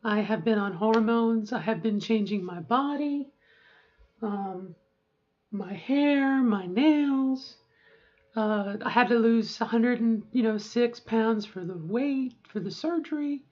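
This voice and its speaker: A middle-aged woman speaks in a candid, chatty way, restarting her sentences as she goes. Her voice sits a little high. The sound is dull and lo-fi, as in a home video diary. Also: animated, slow pace. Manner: chatty, candid, self-interrupting. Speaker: vlogger.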